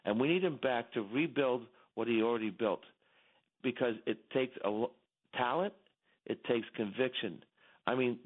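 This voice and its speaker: A man calling in as a radio guest, talking emphatically and repeating himself as his voice climbs when he gets stirred. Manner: emphatic, repetitive, rising in pitch when stirred. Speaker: company executive, radio guest. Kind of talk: impassioned call-in commentary. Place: home in Texas. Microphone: phone. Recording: tinny phone line.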